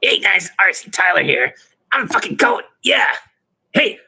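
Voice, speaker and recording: Man doing a mock impression of a male dating coach, bright husky tone, drawling, sneering. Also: sits high, big pitch swings, normal speed, pitched above the performer's own voice, full character voice.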